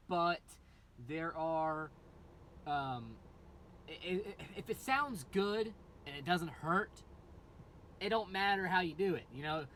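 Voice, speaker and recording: A man's voice: on the high side, a bit bright, a little hiss or hum. A man, a metal band singer, explaining his screaming technique in a loose, rambling way full of fillers and restarts. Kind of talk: casual vocal tutorial.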